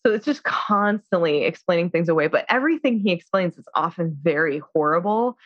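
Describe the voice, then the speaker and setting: A woman's voice: lowish voice, lively intonation, a little fast, dry recording. A woman casually recapping a film in a chatty, filler-heavy way, acting out the characters' lines. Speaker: podcast co-host. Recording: slightly dull dry sound.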